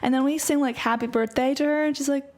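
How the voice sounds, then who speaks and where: Upbeat woman co-host, slightly high voice, casual, peppered with "like.". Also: fairly even intonation, fast talker, darkish tone. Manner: chatty, frequent "like" fillers. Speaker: podcast co-host. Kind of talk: casual chat.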